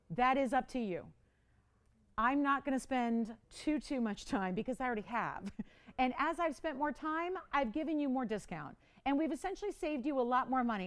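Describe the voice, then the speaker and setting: Chatty woman hosting live auction. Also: high voice. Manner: chatty, pleading, quick to laugh. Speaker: live shopping host. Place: TV studio.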